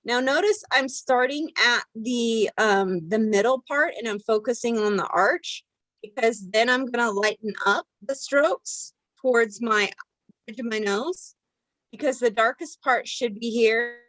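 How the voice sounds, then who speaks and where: Chatty woman with a bright, higher voice. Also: measured pace, no room sound, low-quality recording. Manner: chatty, rambling, lots of fillers and restarts. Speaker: makeup tutorial host. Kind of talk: casual how-to demonstration.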